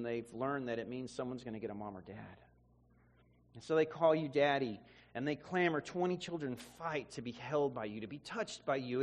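A man preacher tells an emotional testimony and often repeats words as he speaks. His voice is somewhat high for a man. A long reverb from a big hall hangs behind him. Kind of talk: sermon testimony.

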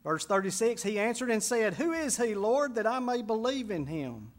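A man's voice: high voice, big pitch swings, normal speed. A man preaching a sermon as pastor, building to emphatic, rising intensity on key phrases.

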